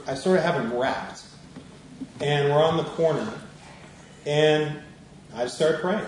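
A male minister giving a sermon as a conversational storyteller who laughs as he tells a personal story. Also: a little high. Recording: echoey room from a distance.

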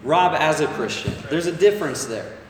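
A man's voice: a little high, lively intonation, moderate pace, far from the mic. Man preaching in an echoey hall. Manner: conversational, asks the crowd "right?" often. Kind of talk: sermon. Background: congregation calling back.

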